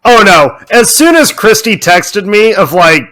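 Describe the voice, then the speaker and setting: Ranting, animated man on a podcast. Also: high voice, a little slow. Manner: animated, ranting, swears freely. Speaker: podcast co-host. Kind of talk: casual podcast chat.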